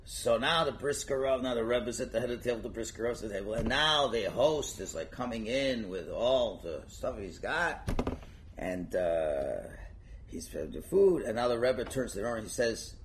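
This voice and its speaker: A man's voice: mid-range voice, animated, moderate pace, background noise. A man teaching through a casually told story, acting out its characters with many fillers. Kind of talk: casual spoken storytelling lesson.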